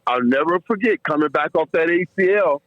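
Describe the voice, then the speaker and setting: A middle-aged man with a somewhat high voice tells stories from his playing days, animated and repetitive, tripping over his words. The recording is muffled and lo-fi with a dead, dry sound. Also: brisk, no echo. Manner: animated, repeats and restarts words, laughs while telling stories. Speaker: guest, former football player. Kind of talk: emotional storytelling in a podcast interview.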